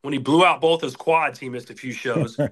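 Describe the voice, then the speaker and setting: A man's voice: mid-range voice, normal speed. A middle-aged man, a sports announcer, telling stories in a casual interview and acting out quoted bosses. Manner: animated, acts out quoted bosses in raised voices.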